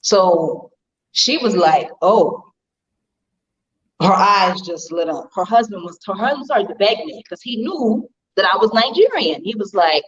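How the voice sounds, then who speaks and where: A woman guest in an interview, telling stories in an animated, emphatic way with frequent rhetorical asides. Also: mid-range voice, measured pace. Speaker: public relations professional, interview guest. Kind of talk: casual storytelling in an interview. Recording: dull lo-fi sound.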